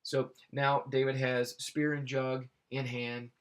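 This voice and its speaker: A man reading Bible verses aloud and explaining them in a halting way, with many fillers and restarts. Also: mid-range voice, level tone, clean tone. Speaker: Bible teacher.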